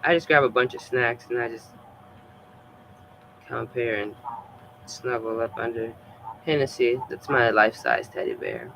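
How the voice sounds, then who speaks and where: A man's voice: mid-range voice, expressive, normal speed, creaky, long pauses, pushed and bright, a little hiss or hum, rough recording. A man streaming, chatting in a loose, rambling way with many fillers and bursts of laughter. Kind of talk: casual rambling chat.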